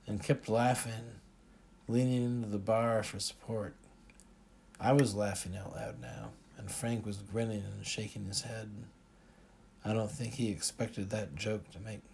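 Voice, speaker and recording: A man narrating an audiobook in the first person, unhurried and even. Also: on the low side, creaky, a little hiss or hum.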